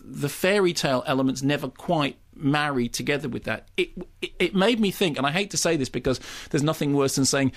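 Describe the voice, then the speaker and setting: A man reviewing a film on the radio, animated, often restarting and repeating words. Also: a little high, a little fast, hardly any pauses. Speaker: film critic.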